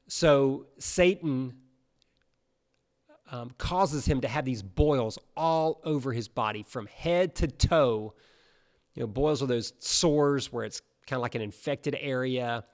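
Casual, animated male preacher. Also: mid-range voice. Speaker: pastor. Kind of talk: sermon.

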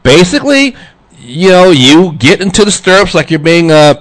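Man, radio host, casual on-air chat, animated storytelling, somewhat high pitch. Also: moderate pace. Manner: animated storytelling with laughs and vocal swings.

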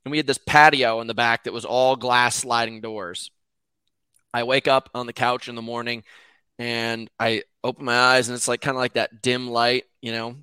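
A man's voice: mid-range voice, little pitch movement, normal speed, bright, forceful tone, clear, resonant tone, no echo. A man who is a podcast guest, telling a story in a laid-back way and swearing casually. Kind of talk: casual chat.

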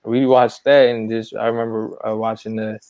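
Young man, from san francisco, flat low voice, relaxed reminiscing. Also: moderate pace, no echo. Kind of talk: casual chat.

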